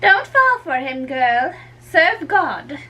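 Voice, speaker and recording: A woman's voice: sits high, sing-song, slow, bright, forceful tone, heavily acted. A woman reading a play aloud, voicing a fussy, teasing old nurse who groans and draws out her complaints. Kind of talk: dramatic reading.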